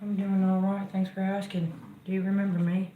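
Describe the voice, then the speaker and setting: A woman's voice: medium pitch, flat delivery, fairly quick, reverberant, phone-quality sound, a little hiss or hum. A woman hosting a casual livestream who talks in a brash, slangy and teasing way. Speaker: livestream host. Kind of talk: casual live-stream chat.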